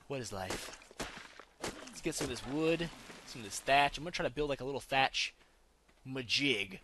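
A man's voice: medium pitch, big pitch swings, measured pace, pauses often, noisy background. A man giving casual, jokey let's-play commentary on a survival game, breaking into panicky outbursts. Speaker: gaming YouTuber.

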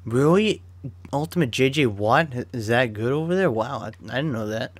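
A young man's mid-range voice, lively in intonation and at normal speed, carries casual chatter about a football video game as he opens card packs. This gaming YouTuber swears without restraint and flares up in abrupt rants; the audio has no echo.

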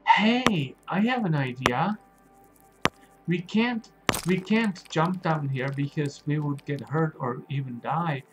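Male game narrator for children; slow, patient, slightly high voice. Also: expressive, music in the background, low-quality recording. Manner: slow, simple and questioning, talks to young viewers. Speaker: game streamer for kids. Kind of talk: gentle gameplay narration for children.

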